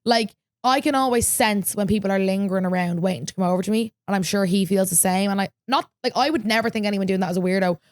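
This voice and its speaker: A woman's voice: mid-range voice, fast, no room sound, studio quality. A young woman, hosting a podcast and telling a story in a chatty, filler-heavy way. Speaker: podcast host. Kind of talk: casual chat.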